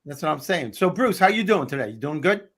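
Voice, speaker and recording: A man's voice: on the high side, sing-song, brisk, fairly bright tone. Man, talk show host, upbeat, joking banter, live comedy show. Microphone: headset.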